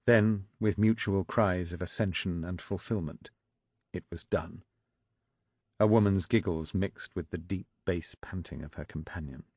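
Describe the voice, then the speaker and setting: A man narrating a political thriller audiobook in a measured, even storytelling manner. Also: deep voice, breathy edge, no room sound, studio quality. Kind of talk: scripted narration.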